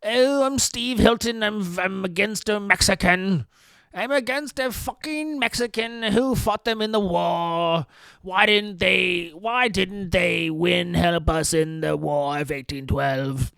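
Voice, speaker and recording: A man putting on a smug British politician with a strained mock Cockney accent, slow and mocking. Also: sits high, vocal fry, a bit bright, smooth, no room sound, exaggerated voice. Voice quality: strained put-on voice.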